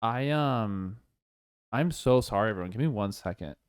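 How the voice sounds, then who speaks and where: A man's voice: on the low side, expressive, normal speed, smooth, no room sound, clean studio sound. A young man co-hosting a podcast in casual chat, rambling and jumping between thoughts. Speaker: podcast co-host.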